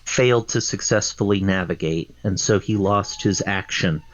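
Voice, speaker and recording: A man running an online tabletop game as dungeon master, speaking in a measured way with frequent pauses. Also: low voice, muffled recording. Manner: measured, hesitant with fillers.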